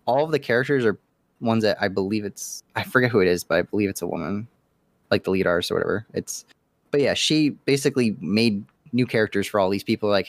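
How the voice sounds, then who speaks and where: A man co-hosting a casual podcast, telling stories with animated asides. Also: on the low side, fast talker, no echo, studio quality. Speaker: podcast co-host. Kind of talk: casual chat.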